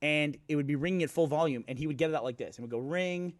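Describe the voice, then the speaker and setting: Man, quick talker, casual chat, a little high pitch. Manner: exasperated, swearing storyteller. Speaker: podcast regular.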